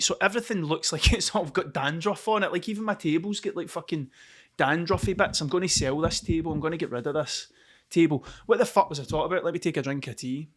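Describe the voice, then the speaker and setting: A middle-aged Scottish man talking in a high, bright voice, rambling and swearing freely as he hosts his own podcast. He keeps losing his thread and mocking himself while chatting casually into the camera mic in a cold room at home. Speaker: podcast host.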